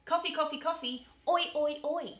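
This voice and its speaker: A woman's voice: sits high, moderate pace, a loud crowd. A woman with an Australian accent presenting accent tips in an upbeat, playful way.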